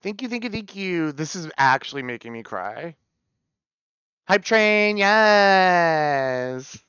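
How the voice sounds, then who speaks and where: A man's voice: high-pitched, takes it slowly, clear, resonant tone, no echo. Guy streamer chatting live, swears a lot, close dry mic, kinda dull lo-fi sound. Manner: excitable, swears, repeats words in runs. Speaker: variety streamer. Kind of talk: casual live stream chat.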